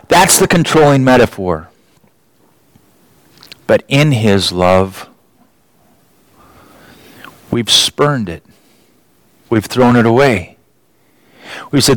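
Slow, dramatic preacher man. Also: lively intonation, no echo, rough recording. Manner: dramatic rises in pitch for emphasis, frequent restarts. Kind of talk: sermon.

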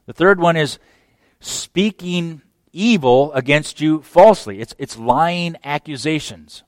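A man preaching a sermon as pastor, emphatic, swinging from hushed phrases to loud exclamations. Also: on the high side, expressive, slow pace, dry recording.

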